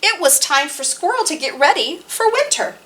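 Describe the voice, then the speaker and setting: A woman hosting a library storytime, reading rhymes and picture books aloud to toddlers in a sing-song, expressive way. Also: high voice, normal speed. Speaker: children's library storytime host.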